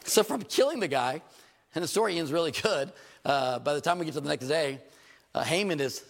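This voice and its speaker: A man preaching a sermon in a church, animated and joking, with rhetorical questions to his congregation. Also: a little high, brisk, gravelly. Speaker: pastor. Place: church hall. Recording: reverberant church hall.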